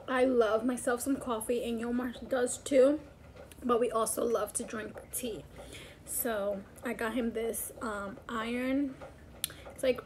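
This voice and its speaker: A woman's voice: a little high, a little mellow, slight background noise. A woman vlogging casually at home as a mother, chatty and rambling with many fillers. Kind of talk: casual chat. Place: home, indoors.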